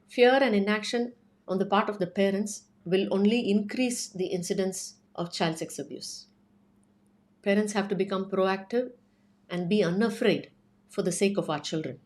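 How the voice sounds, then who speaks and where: A woman speaks earnestly, pressing her points through a string of rhetorical questions. Her pitch sits at a middle height for a woman, and her delivery is urgent and persuasive. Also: moderate pace, darkish tone. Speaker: child safety advocate speaking to parents.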